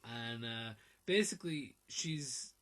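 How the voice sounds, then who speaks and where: A man's voice: mid-range voice, expressive, slow, fairly bright tone. A man co-hosting a casual film-review podcast, rambling and profane, who slips into mocking voices to act out scenes. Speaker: podcast co-host.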